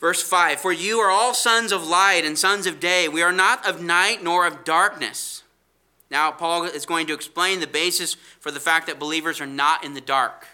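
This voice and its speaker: Male preacher, bright ringing voice on the high side, leans hard on scripture with slow emphatic stresses. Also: clear, resonant tone. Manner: asks rhetorical questions. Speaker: Bible teacher. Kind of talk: expository sermon.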